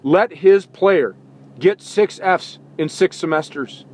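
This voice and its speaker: A man's voice: high-pitched, slow pace, darkish tone, slight background noise. Impassioned man ranting about college sports. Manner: impassioned, rising to indignant rhetorical questions. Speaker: sports talk show host. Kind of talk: opinion monologue.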